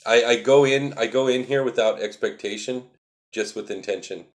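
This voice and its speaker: A man's voice: medium pitch, normal speed. A man hosting a casual livestream, explaining spiritual ideas in an earnest, repetitive, emphatic way and answering viewer chat.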